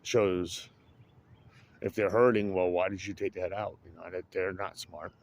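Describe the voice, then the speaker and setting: A man with a fairly low voice rambles through an easygoing outdoor chat and breaks into chuckles often. Faint noise and birdsong sit behind him. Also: fairly even intonation, measured pace, vocal fry, a little mellow. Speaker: vlogger. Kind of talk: casual chat.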